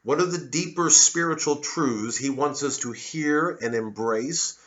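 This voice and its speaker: A man's voice: fairly high pitch, a little slow, fairly bright tone. A male comedian delivering a rambling, sardonic satirical monologue full of digressions. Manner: sardonic, digressive, slips into voices. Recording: dull lo-fi audio.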